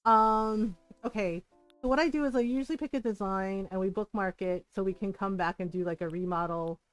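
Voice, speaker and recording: A woman's voice: medium pitch, steady tone, fairly quick, soft background music. A woman streamer chatting casually while playing a video game, telling stories animatedly and swearing freely.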